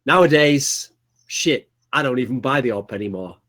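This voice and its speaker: A man's voice: mid-range voice, animated, normal speed, fairly bright tone. A man voicing a stubborn retired player who keeps refusing to come back. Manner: flustered refusals, many repeated "no"s. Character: retired male gamer, stubborn and reluctant.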